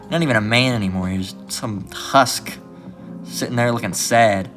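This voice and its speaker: A man's voice: mid-range voice, normal speed, fairly bright tone, soft background music. A man giving a casual religious lesson in a blunt, profane way, often tagging his points with "all right". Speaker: religious teacher.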